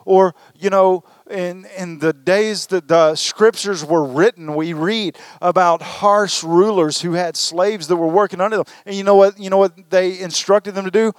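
A man preaching a sermon as pastor, animated and calling on the congregation to respond. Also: high voice, moderate pace, few pauses, no echo, clean studio sound. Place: church service.

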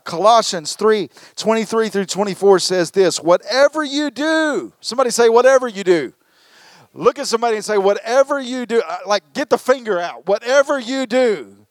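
A man preaching a sermon as pastor, animated and calling on the congregation to respond. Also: high-pitched, no echo, clean studio sound. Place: church service.

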